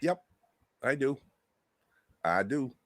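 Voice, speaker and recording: A man's voice: medium pitch, expressive, takes it slowly, fairly bright tone, dry recording, studio quality. A man co-hosting a casual podcast chat, cracking crude, self-mocking jokes. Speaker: podcast co-host.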